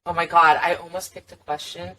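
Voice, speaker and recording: A woman's voice: fairly low pitch, level tone, fairly quick, bright, forceful tone, recorded from a distance, a little hiss or hum, rough recording. A woman hosting a podcast, chatting casually and asking her guests questions. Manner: chatty, reacts often. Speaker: podcast host. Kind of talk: casual interview.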